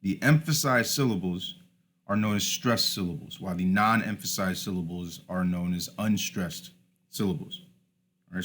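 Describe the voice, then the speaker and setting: A man's voice: deep voice, fairly bright tone. A man teaching a recorded lesson over slides, informal, often starting with "all right" and correcting himself.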